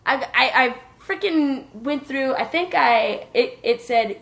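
A woman casually telling a lively story about a video game, cursing and joking as she goes. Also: high voice, slow, hardly any pauses. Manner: animated storytelling, swearing, joking voices.

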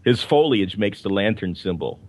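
Low-voiced man chatting on a podcast. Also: expressive, moderate pace, darkish tone, dry recording. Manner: rambling, with fillers and restarts. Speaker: podcast co-host. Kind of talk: casual chat reviewing comics and films.

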